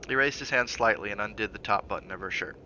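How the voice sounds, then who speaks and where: A man reading a novel aloud on a stream, with steady dramatic emphasis. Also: lowish voice, fast, lo-fi sound, a little hiss or hum.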